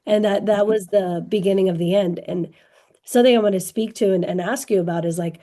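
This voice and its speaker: A woman hosting a casual podcast conversation, speaking candidly with thoughtful pauses. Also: medium pitch, fairly even intonation, warm tone.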